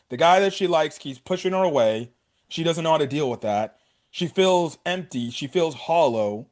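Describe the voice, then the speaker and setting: A man giving a casual anime episode review in an excited, rambling, often profane way. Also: a little high.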